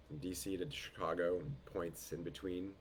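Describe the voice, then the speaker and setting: A man hosting a live online wine tasting over a video call, his voice thickened by a head cold. He talks in an unhurried, descriptive way and greets guests by name. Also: sits low, fairly even intonation, a little hiss or hum. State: head cold, voice lowered in the throat.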